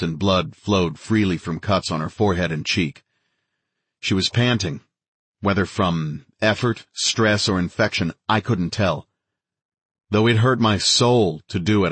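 A man narrating an audiobook in a steady, dramatic reading of scripted narration. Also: low voice, breathy edge, no echo.

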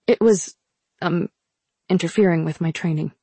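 A woman's voice: lowish voice, moderate pace, dark tone, husky, no room sound. A woman voicing a guarded young woman soldier who answers bluntly in a plain voice.

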